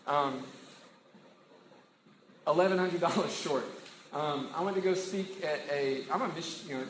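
A middle-aged man preaching to a room, his voice sitting a little higher than most men's. He speaks in a loose, conversational way, full of restarts and fillers. The room around him is echoey, with a faint hum of ambience behind his words. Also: measured pace. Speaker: campus ministry pastor. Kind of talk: sermon.

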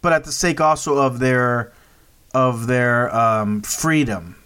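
A man's voice: mid-range voice, takes it slowly, sharp tone, smooth. Guy hosting a movie review podcast, talks in loose rambling bits, keeps checking "right?" with his cohost. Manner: rambling, recaps plot with many restarts and "right?" checks. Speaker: podcast host. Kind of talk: casual movie review chat.

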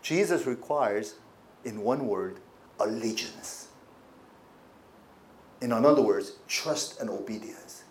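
Animated male preacher. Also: lowish voice, takes it slowly, pauses often, slight background noise. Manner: animated preaching with congregation call-and-response. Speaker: pastor. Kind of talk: sermon.

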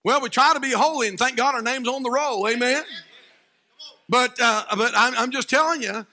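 A male pastor preaching a sermon, swinging between shouted fervor and hushed, quiet passages. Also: extremely high pitch, moderate pace, a little hiss or hum.

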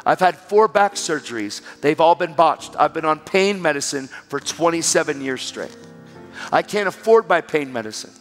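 A man's voice: a little high, expressive, moderate pace, fairly bright tone. A man voicing a stubborn, bitter older woman in a scooter who speaks bluntly. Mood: defiant. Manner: blunt, defiant. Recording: reverberant hall with music.

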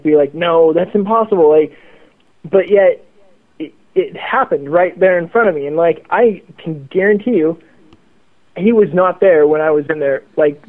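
A man telling a story as a guest over the phone, rambling and repeating words. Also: fairly high pitch. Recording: tinny phone line.

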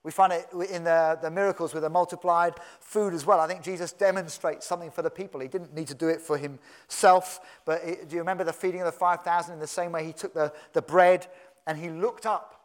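Earnest preacher man, slightly high voice. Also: fairly even intonation, brisk. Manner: earnest, conversational preaching with asides. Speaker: pastor. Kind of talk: sermon.

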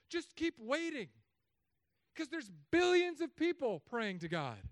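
A man in his thirties preaching a sermon as pastor, telling stories in an animated way with sudden loud, high bursts. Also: measured pace, dry recording, clean studio sound.

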